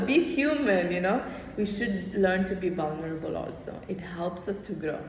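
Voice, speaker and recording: A woman yoga teacher leading a small class, animated, often checking in with a quick "hmm?". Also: lowish voice. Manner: animated, checks in with "hmm?", acts out inner voices. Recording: echoey hall with faint ambience.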